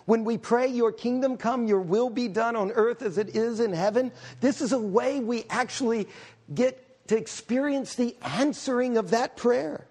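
A middle-aged man, a pastor, preaching a conversational, humorous sermon with quick asides. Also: very high voice, darkish tone.

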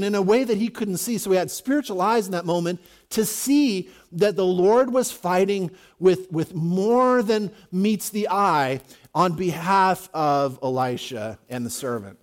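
A male pastor giving a conversational sermon, with jokey asides and frequent restarts. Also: high-pitched.

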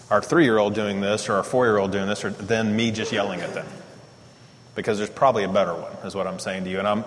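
A man's voice: fairly low pitch, background noise. Man talking about parenting in a reverberant hall. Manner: animated storytelling, laughs at himself. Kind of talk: casual teaching talk.

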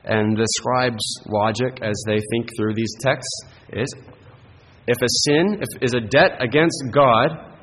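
A man's voice: mid-range voice, slow pace, a bit bright, in a large hall, a little hiss or hum, rough recording. A man preaching a sermon as pastor, earnest and emphatic, often checking in with the congregation with a rhetorical "right?".

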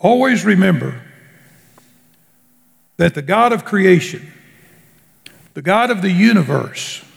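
Slow, gravelly preacher in a reverberant hall. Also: male voice, lively intonation. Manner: slow, emphatic preaching with drawn-out words and sudden drops in pitch. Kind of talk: sermon.

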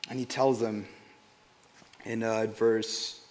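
Slowly and with a flat delivery, a man whose voice sits on the low side offers an informal devotional on Scripture. His tone is earnest and conversational, with repeated words and quiet drops at emotional moments.

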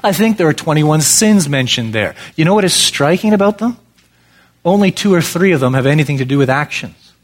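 A man preaching an expository sermon, emphatic, with many rhetorical questions. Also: a little high.

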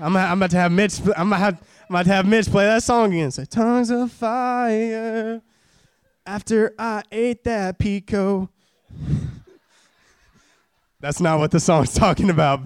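A young man in his twenties delivers a church sermon in a loose, joking way, hammering points home by repeating them. His voice sits a little high and sounds smooth and resonant. The sound is close and dry. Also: dry recording. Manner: casual, joking, repeats phrases for emphasis. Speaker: preacher. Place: church service.

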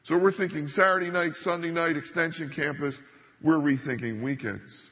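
Brief: middle-aged male pastor, emphatic sermon delivery, slightly husky, long church reverb. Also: on the high side, normal speed, fairly bright tone. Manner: emphatic, building to stressed points.

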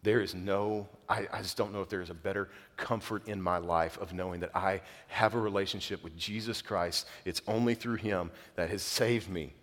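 A man's voice: deep voice, fairly even intonation, moderate pace, few pauses, a bit bright. A man preaching a sermon as a pastor, earnest and conversational, dropping casual fillers as he speaks to his church. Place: church sanctuary. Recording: long reverb of a large hall.

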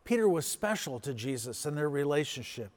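A male pastor preaching a sermon, retelling the story and acting out the quoted dialogue with big swings in pitch and loudness. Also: very animated, brisk.

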